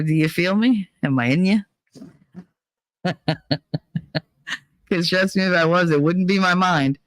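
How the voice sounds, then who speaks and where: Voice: mid-range voice, gravelly, no echo, low-quality recording. A livestream host chatting casually and profanely with viewers, rambling, laughing and humming filler tunes between thoughts. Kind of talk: casual rambling chat to a live chat.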